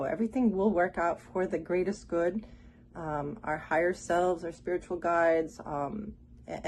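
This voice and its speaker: A woman from Miami giving a heartfelt, halting testimonial, close to tears. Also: deep voice, darkish tone, slight background noise. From Miami, Florida. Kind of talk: emotional spoken testimonial.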